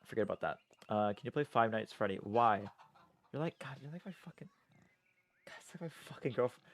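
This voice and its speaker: A man's voice: medium pitch, animated, fairly quick. A young man streaming a game live, chatting casually, reading the game's lines and viewers' messages aloud, swearing often and laughing easily.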